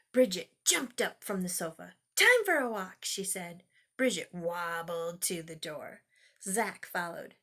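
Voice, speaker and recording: An older woman reading a picture book to children, with animated, exclaiming asides to the listener. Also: medium pitch. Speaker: storyteller grandmother.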